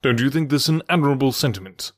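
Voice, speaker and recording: A man reading aloud and voicing a keen, confident middle-aged detective who speaks in a measured, pointed way. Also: lively intonation, no room sound, clean studio sound, lightly acted. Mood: assured. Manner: measured, precise and pointed, voice dropped lower.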